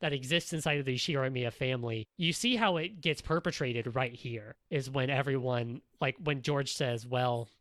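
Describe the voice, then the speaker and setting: A man in casual podcast conversation, thinking aloud through long sentences packed with fillers and restarts. His voice sits at a middle pitch and sounds dry and close, with no room around it. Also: moderate pace, hardly any pauses, a bit bright, dry recording. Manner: rambling, many fillers and restarts. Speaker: podcast co-host.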